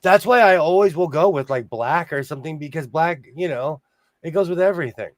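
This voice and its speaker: A man's voice: a little high, a little fast, no echo. Chatty older man hosting a sewing stream. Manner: chatty, jumps between topics with laughs. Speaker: sewing show host. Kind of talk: casual livestream chat.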